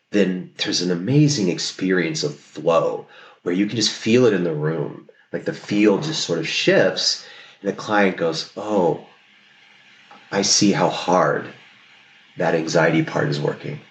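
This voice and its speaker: A male therapist, a podcast guest, talking reflectively and explaining, often checking in with "right?". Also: deep voice. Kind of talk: podcast conversation. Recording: roomy echo.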